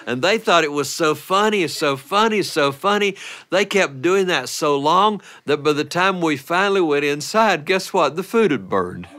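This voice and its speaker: A man performing a playful family story for listeners, animated and often breaking into laughter. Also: on the high side, moderate pace.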